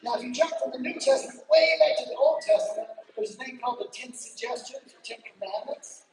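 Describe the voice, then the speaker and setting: A woman's voice: fairly high pitch, expressive, a little fast, a little mellow. Playful woman preaching in an echoey church. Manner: playful, joking, chatty with the audience. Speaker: guest speaker doing gospel magic tricks. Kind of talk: lively children's church talk. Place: church sanctuary with a congregation. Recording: echoey hall from far off, background noise.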